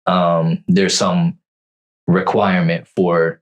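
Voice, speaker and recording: Very deep-voiced man, halting. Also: little pitch movement. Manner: halting, many fillers and restarts. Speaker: podcast co-host. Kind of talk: casual chat.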